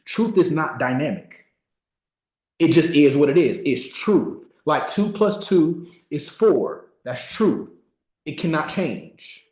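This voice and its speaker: A man in his thirties giving a motivational talk, telling a personal story and slowing down to stress key words. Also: a little high. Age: 30s. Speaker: motivational speaker. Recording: roomy echo.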